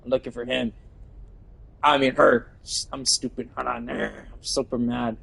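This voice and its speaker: A man's voice: medium pitch, little pitch movement, a little slow, gravelly, fairly bright tone, breathy edge, poor audio. A man streaming a game live, talking casually and swearing in irritation as he plays. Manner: irritable, swears a lot while playing. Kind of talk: casual live gameplay commentary.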